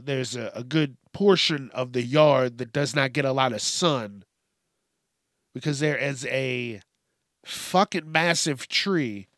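Slow-talking profane podcast host, man. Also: mid-range voice, a bit bright, no echo, studio quality. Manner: profane, ranting storyteller. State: congested from allergies. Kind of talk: solo call-in podcast monologue.

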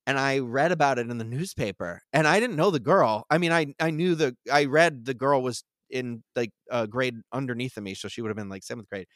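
A man's voice: mid-range voice, a little fast, few pauses, fairly bright tone, dry recording, clean studio sound. A man casually telling a long story, full of likes, fillers and restarts. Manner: rambling, filler-heavy with many likes and restarts. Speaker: podcast guest telling stories.

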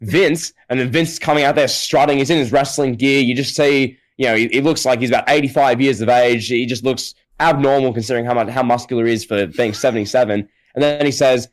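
A man's voice: medium pitch, steady tone, brisk, rough recording. A man co-hosting a podcast, spinning an over-the-top story in casual, hyperbolic chat. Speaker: podcast co-host.

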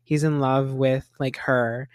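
A man's voice: medium pitch, flat delivery, slow, dry recording, studio quality. A young man co-hosting a casual chat, rambling with lots of "like" and frequent laughs. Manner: rambling, heavy use of "like", laughs often. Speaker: podcast co-host. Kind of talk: casual chat reviewing a reality show.

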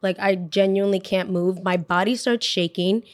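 A woman's voice: medium pitch, steady tone, moderate pace, dry recording. A young woman hosting a podcast, telling a dramatic personal story in a casual, chatty way, full of "like". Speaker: podcast host.

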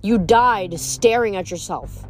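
A woman's voice: medium pitch, takes it slowly, soft background music, lightly acted. A woman reading aloud, voicing a firm, impatient teenage girl who speaks sharply and insistently. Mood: exasperated, insistent.

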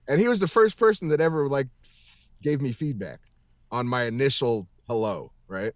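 This guest, a voice actor in a casual interview held over video call, has a medium-pitched, lively voice and a moderate pace. The audio is studio quality with no room sound, and he rambles emphatically, swearing heavily and restarting often.

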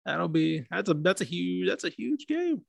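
A man co-hosting a sports podcast, giving loose, relaxed analysis in casual chat with lots of fillers. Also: high-pitched, normal speed, creaky, dry recording. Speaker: podcast co-host.

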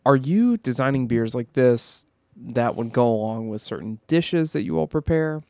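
A man co-hosting a beer podcast, thinking out loud with plenty of likes and pauses. His voice has a middling pitch. The recording is close and dry. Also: expressive, gravelly, dry recording. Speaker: podcast co-host. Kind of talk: casual chat.

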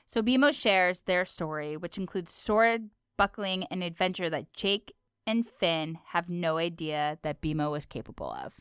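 A woman co-hosting a casual podcast. She is chatty and giggly, and she fills her speech with "like." Her voice is smooth and clear, and the recording is dry. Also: lowish voice, lively intonation, moderate pace, a bit bright, no room sound. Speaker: podcast co-host.

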